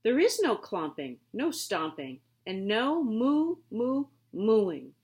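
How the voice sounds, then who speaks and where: A woman's voice: fairly high pitch, big pitch swings, slow pace, a little mellow, exaggerated voice. Farmer Brown, a woman doing a stern fussy farmer. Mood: stern insistent.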